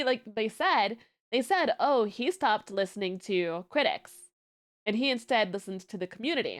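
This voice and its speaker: Streamer lady chatting, voice jumps all over, rambly with lots of "like" and "you know". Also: medium pitch. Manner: animated, rambling, lots of fillers. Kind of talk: casual reaction chat.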